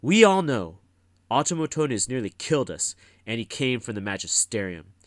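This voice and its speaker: Man reading as a serious teen hero boy, steady, kinda earnest, dry sound. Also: medium pitch, moderate pace, no echo, pitched above the performer's own voice, lightly acted.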